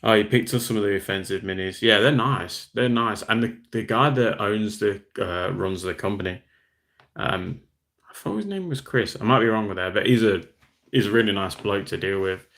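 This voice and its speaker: This livestream host, a young man from Western Australia, chats casually and responds to viewer comments he reads aloud. He speaks at a normal speed in a voice on the low side with a slightly bright tone.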